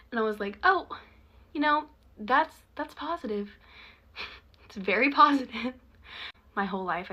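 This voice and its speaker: Young woman, casual storytime, bright chatty tone, laughs between lines. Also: mid-range voice. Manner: chatty, laughing often, many likes.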